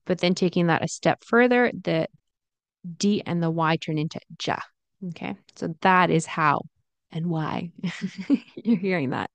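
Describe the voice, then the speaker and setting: A woman teaching English pronunciation in an online lesson, speaking slowly and saying each example phrase over and over. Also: fairly low pitch, no room sound. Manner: slow, demonstrative, repeats example phrases.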